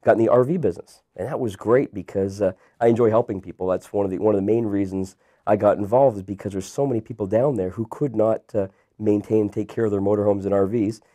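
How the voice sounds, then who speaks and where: A Canadian man in his thirties, a guest entrepreneur telling his story in a relaxed, rambling interview style. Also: on the low side, fast talker. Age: 30s. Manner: relaxed, rambling with many fillers and restarts.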